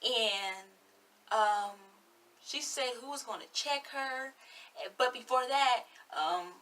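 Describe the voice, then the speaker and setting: A woman's voice: fairly high pitch, slow, bright, forceful tone, far from the mic. An eighteen-year-old woman giving sassy, blunt, chatty commentary on a reality show in her vlog. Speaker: vlogger.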